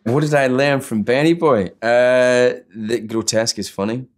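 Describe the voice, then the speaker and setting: A man's voice: mid-range voice, a little slow. A man who is an actor, answering a press interview in a playful, emphatic way.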